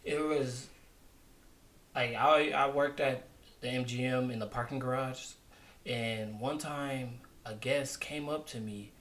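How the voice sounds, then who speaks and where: A man co-hosting a podcast, chatting casually and telling a work story in a rambling, relaxed way. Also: mid-range voice, slow. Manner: relaxed, rambling, laughs often. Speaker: podcast co-host.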